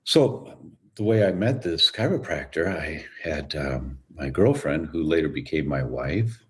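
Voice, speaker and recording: A man telling stories as a guest in an interview, relaxed and acting out the voices of people he quotes. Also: very deep voice, unhurried. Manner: relaxed storyteller who acts out quoted voices. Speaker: guest, chiropractor. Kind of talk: storytelling interview answer.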